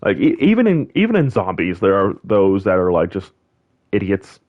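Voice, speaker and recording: A man's voice: deep voice, moderate pace, narrow, tinny audio. Rambling young man chatting over gameplay. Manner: rambling, animated, lots of fillers and restarts. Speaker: gaming channel host. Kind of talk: casual chat over gameplay.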